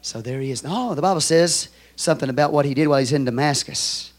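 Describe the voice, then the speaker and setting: A man with a Texan accent preaching a sermon as pastor, moving from quiet storytelling to loud, shouted exhortation. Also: on the high side, fast.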